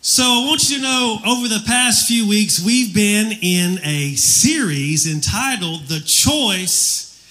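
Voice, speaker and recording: A man's voice: high voice, slow pace, pushed and bright. A middle-aged man preaching a sermon as pastor, telling a folksy story with fillers.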